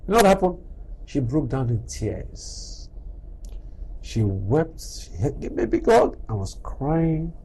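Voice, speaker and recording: The audio is poor with slight background noise as a middle-aged man of mid-range pitch speaks slowly. Presenting a motivational talk as a doctor, he animatedly tells stories, performs the conversations he quotes, and rapidly throws out rhetorical questions.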